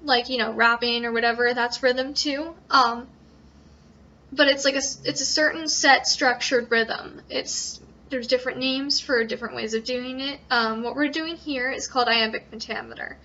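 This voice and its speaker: A woman's voice: a little high, fairly even intonation, normal speed, bright, forceful tone. A young woman explaining how to write a sonnet in an informal tutorial, hesitant, with frequent ums and self-corrections. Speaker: student presenter. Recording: dull lo-fi recording.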